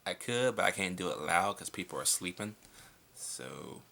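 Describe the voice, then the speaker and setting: A young man with a deep, gravelly voice answers viewer questions in a relaxed home vlog. His tone is bright and edgy, and his manner is blunt and casual, with frequent swearing. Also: a little fast, slight background noise. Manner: laid-back, blunt, swears freely. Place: indoors at home at night.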